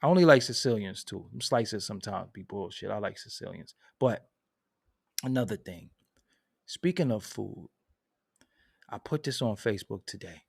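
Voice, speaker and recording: Man hosting casual stream chat, profane and laughing, gravelly voice, very dry sound. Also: on the low side, expressive, moderate pace, long pauses, no echo. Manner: loud, laughing and profane, swings between mumbling and shouting; reads and answers viewer chat. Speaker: host.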